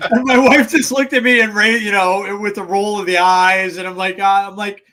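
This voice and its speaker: A man with a fairly high voice co-hosts a casual podcast chat. He rambles through anecdotes, full of uh's and restarts, and laughs at his own stories. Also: bright, forceful tone. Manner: rambling storyteller with many fillers and restarts. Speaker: podcast co-host.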